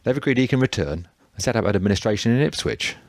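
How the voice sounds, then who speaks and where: A man voicing a big, sturdy, blunt man who is quick to anger. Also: lowish voice, expressive, creaky, dry recording, clean studio sound, pitched above the performer's own voice.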